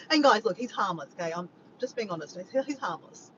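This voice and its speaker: An Australian woman talks casually to her livestream audience, joking, teasing and reading comments aloud in a rambling way. Her voice sits at an ordinary pitch for a woman. The sound is a little dull and lo-fi, with a faint low rumble underneath. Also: expressive, fast talker. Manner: chatty, joking, reads chat messages aloud. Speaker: livestream host.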